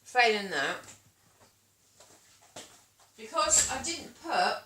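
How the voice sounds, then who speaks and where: A woman's voice: a little high, very animated, extremely slow, noisy background. A British woman vlogging casually at home, chatting in a rambling way while cooking and tasting. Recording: echoey room, voice from a distance.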